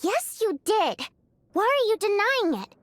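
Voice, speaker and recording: An actress voicing a lively, chatty young female lead singer in a video game, excitable and teasing. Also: very high-pitched, unhurried, faint music behind, heavily acted.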